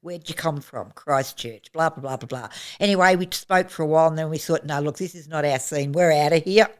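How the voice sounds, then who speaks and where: A woman's voice: deep voice, a little fast. Chatty older woman telling a story. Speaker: aged care resident. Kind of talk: casual storytelling chat.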